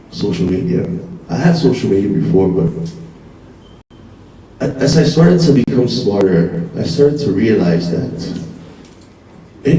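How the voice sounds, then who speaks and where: A man giving an animated speech to a live audience, repeating himself and asking rhetorical questions. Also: medium pitch, slight background noise. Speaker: conference speaker. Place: large conference hall. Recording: echoey hall from far off.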